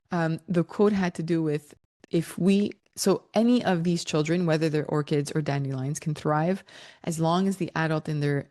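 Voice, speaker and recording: Parenting educator, female, middle-aged, low voice, lively and chuckling as she explains. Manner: warm, animated, laughs between points. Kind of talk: explaining child development.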